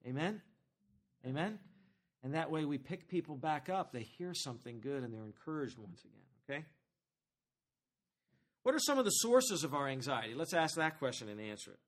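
Guy pastor preaching, kinda high voice, chatty and lively, keeps asking the crowd stuff. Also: moderate pace, long pauses. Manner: conversational, animated preaching with questions to the congregation. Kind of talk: sermon.

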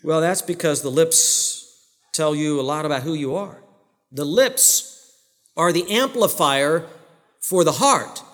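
A man's voice: fairly high pitch, unhurried, a bit bright. A man preaching a sermon as the pastor, emphatic, throwing questions at the congregation and answering them himself. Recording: long reverb of a large hall.

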